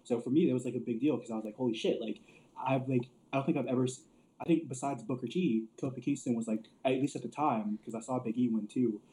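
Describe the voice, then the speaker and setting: Laid-back swearing guy, mellow voice. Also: mid-range voice, fast, a little hiss or hum, poor audio. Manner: loose storyteller, swears a lot, laughs often, many "like" fillers. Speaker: podcast co-host. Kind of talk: casual chat.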